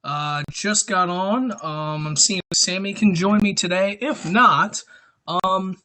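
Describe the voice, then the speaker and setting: A man's voice: high voice, slow, pushed and bright. A man hosting a casual livestream from home, a little out of breath and rambling between bites of food. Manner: rambling, talks while eating. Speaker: livestream host. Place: home room. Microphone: desktop USB mic.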